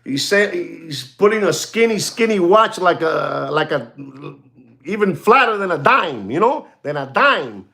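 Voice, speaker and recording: Man, high voice, very animated swings, sarcastic ranting watchmaker host, repetitive. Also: measured pace, vocal fry. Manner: sarcastic, repetitive, switches into Spanish. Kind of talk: ranting monologue.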